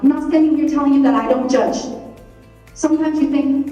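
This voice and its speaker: A high-voiced woman giving a motivational talk to a live audience. She is animated and acts out the scolding voice in her head. The sound is heavily echoey, picked up from a distance in the hall, with faint music behind. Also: fairly quick. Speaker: speaker.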